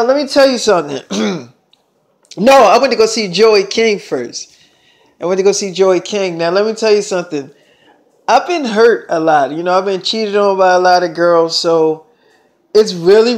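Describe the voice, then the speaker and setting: A man telling a rambling first-person story in casual, slangy, profane speech. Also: sits high.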